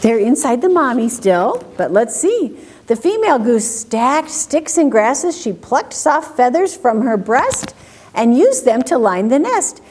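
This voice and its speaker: A woman reading picture books aloud at a children's story time, asking questions and making animal sounds in a slow, sing-song way. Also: on the high side, big pitch swings, darkish tone.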